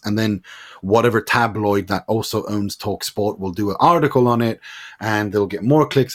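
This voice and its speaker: A man's voice: on the low side, no room sound. A man co-hosting a football podcast, making long opinionated arguments in casual chat. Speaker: podcast co-host.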